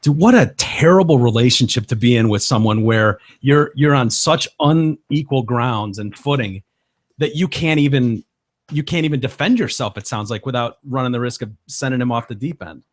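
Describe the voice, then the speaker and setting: A man's voice: medium pitch, expressive, normal speed, no echo. A man hosting a podcast in casual chat, reacting to a guest's story with short comments. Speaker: podcast host.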